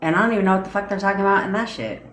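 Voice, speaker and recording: Rapid-fire and medium-pitched, this woman's voice echoes a bit over slight background noise. A manifestation coach on a livestream, she reads out comments and chats loosely, full of profanity, rambling asides and frequent laughter.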